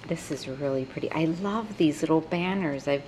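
A woman's voice: low-pitched, moderate pace. A woman vlogger opening craft mail on camera, gushing over each item and thanking senders by name in casual chat. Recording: faint background noise.

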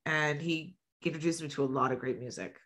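A woman's voice: low voice, fairly even intonation, a little fast, fairly bright tone. A woman who books music acts, chatting casually as a podcast guest, blunt and swearing freely. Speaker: guest, music promoter and booking agent.

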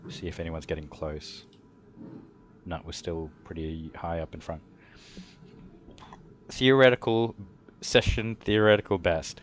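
A young man with a deep, low-pitched voice talks through a racing game on his live stream. He rambles in a relaxed, chatty way, with a faint hiss of noise under the recording. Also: a little slow, long pauses. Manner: rambling, chatty, laid-back. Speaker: gaming streamer. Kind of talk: casual live-stream commentary.

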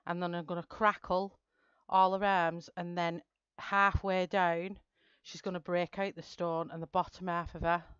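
Chatty woman, smooth lowish voice. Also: flat delivery, measured pace, a bit bright, dry recording, highs cut off. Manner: chatty, greets viewers by name, explains her plan step by step. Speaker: live stream host. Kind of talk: casual live-stream chat while colouring.

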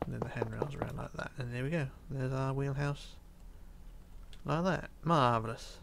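A tired man hosts a casual game tutorial, yawning as he builds and quietly counting blocks. He speaks at a moderate pace in a gravelly, medium-pitched voice, relaxed and sometimes near a whisper, with heavy noise in the background.

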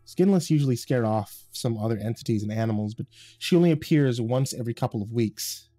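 A man reading a horror story aloud in a calm, measured storytelling voice. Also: medium pitch, no room sound, studio quality. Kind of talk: scripted horror narration.

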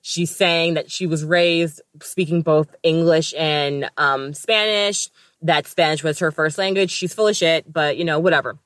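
A woman co-hosting a podcast in casual chat, telling stories and tossing out quick, laughing asides. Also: low voice, fairly even intonation, a bit bright, no echo, studio quality. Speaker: podcast co-host.

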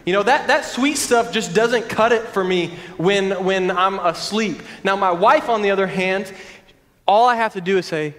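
A pastor preaching a sermon in an earnest, conversational way with frequent restarts. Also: male voice, high-pitched, a little slow, a bit bright. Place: large church sanctuary. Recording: long church-hall reverb.

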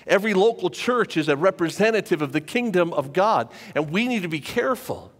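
A pastor preaching a sermon to a live congregation in a church, talking conversationally and repeating phrases for emphasis. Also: male voice, sits high, animated, brisk. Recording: long church reverb.

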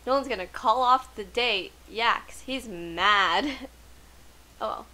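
A woman giving chatty, excitable commentary while playing a life-simulation game. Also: a little high, slow, poor audio. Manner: chatty, excitable, gasps and laughs often. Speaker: let's play gamer. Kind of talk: casual gameplay commentary.

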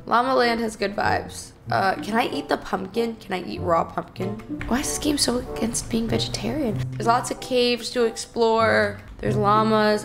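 A young woman streaming a game in casual chatter, excitable, gasping and cursing at what happens on screen. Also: fairly high pitch. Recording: music playing behind her.

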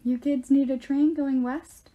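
A woman's voice: high voice, level tone, measured pace, mellow, dull audio, pitched above the performer's own voice. A woman voicing a grimy, kindly old homeless man who sounds friendly and welcoming.

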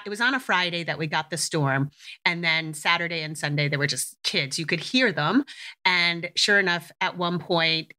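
Casual podcast host, woman, middle-aged; low-ish pitch, bright tone, animated storyteller who swears casually. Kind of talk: casual chat.

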